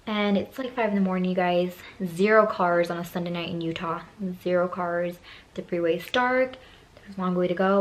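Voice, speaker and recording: A woman in her twenties telling a personal story on her vlog, animated, swearing freely and acting out both sides of the conversation. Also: lowish voice, normal speed, a little hiss or hum. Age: 20s. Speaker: beauty vlogger.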